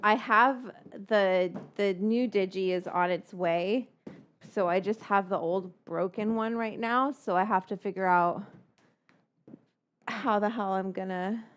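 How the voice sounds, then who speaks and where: A woman's voice: medium pitch, a little slow, clear, resonant tone. A middle-aged woman hosting a casual cooking livestream, rambling and swearing, with lots of fillers as she chats with viewers. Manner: rambling, chatty and profane, with frequent fillers. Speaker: cooking show host.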